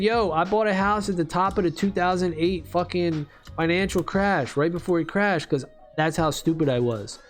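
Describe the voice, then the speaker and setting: A man ranting casually and profanely while playing a game, with faint music behind him. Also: fairly high pitch. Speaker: video creator.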